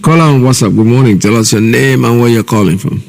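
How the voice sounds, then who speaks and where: A man's voice: medium pitch, fast talker, gravelly, very noisy. A middle-aged man from Nigeria with a Nigerian accent, hosting a call-in radio show and explaining his views earnestly, repeating himself. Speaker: radio host.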